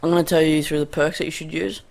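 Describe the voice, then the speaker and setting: Rambling Australian gamer, slightly high voice. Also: male voice, flat delivery, fast, gravelly, a little hiss or hum. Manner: rambling, hesitant, full of ums. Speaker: gaming YouTuber. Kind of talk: gameplay commentary. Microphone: cheap USB condenser desk mic.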